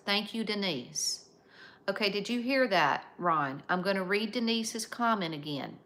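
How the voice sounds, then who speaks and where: An American woman hosting a casual live stream, chatting and reading out viewer comments in an unhurried way. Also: medium pitch, expressive, fairly bright tone. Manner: unhurried, chatty, drawn-out phrasing. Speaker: livestream host.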